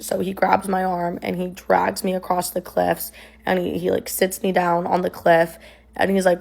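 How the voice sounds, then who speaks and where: In a monotone, gravelly, slightly mellow voice on the low side, a young woman recounts something that happened to her at a moderate pace. It's a loose, rambling telling packed with "like" and "um".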